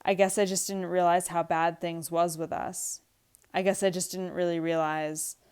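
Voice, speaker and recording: A woman's voice: on the low side, level tone, moderate pace, darkish tone, smooth, lightly acted. A woman reading aloud the lines of a weary, patient young wife from a script. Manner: read aloud from a script, lightly acted.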